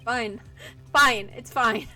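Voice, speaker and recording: A woman's voice: on the high side, slow pace, sharp tone, soft background music. Brief: young woman game streamer, casual, giggly, talking to herself. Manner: giggly, swearing, self-talk.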